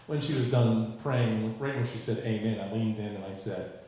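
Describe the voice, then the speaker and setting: A man's voice: on the low side, moderate pace. Dry-witted male comic in an echoey room. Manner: dry, self-mocking, dark punchlines. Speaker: stand-up comedian. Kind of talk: stand-up comedy set. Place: comedy stage before a live audience.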